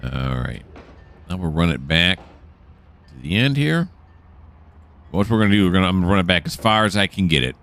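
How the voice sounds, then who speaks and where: A man's voice: low voice, expressive, normal speed, pauses often, fairly bright tone, a little hiss or hum. A man narrating a train simulator game as he plays, thinking aloud and correcting himself. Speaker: gameplay commentator. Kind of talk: relaxed let's-play narration.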